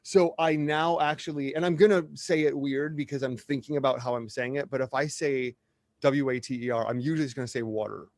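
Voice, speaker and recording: A middle-aged man chatting as a podcast guest, rambling and animated, drifting off on tangents and finding his way back. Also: mid-range voice, brisk, no room sound. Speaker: podcast guest, drag performer. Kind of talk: casual podcast conversation.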